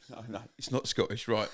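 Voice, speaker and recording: A man co-hosting a casual podcast chat, sweary and quick to giggle. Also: medium pitch, fairly even intonation, fairly bright tone. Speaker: podcast co-host.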